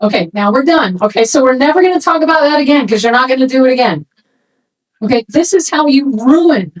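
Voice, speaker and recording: A woman speaking to a room of swimming parents in a casual, animated way, acting out quoted remarks as she goes. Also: a little high, rough recording. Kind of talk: talk to a parents' session.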